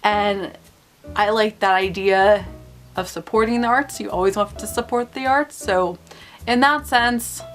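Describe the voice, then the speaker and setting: A woman's voice: fairly high pitch, fairly bright tone. A woman hosting a casual film review vlog, opinionated and nitpicking, often laughing between points.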